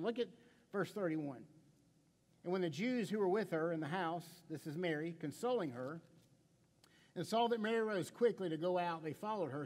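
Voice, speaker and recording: A man preaching a sermon as pastor, passionate and conversational, often dropping to a hushed tone and asking the congregation direct questions. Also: high voice, long reverb tail.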